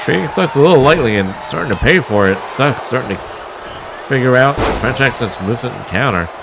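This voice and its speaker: A man's voice: medium pitch, lively intonation, a little fast, creaky, noisy background. A man calling a wrestling match play by play, with a wry, mocking manner and the odd chuckle. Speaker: wrestling commentator. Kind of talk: play-by-play commentary.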